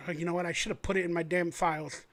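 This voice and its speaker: A man hosting a fan livestream, telling a story in an animated, rambling way. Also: a little high, rapid-fire. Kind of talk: casual sports commentary.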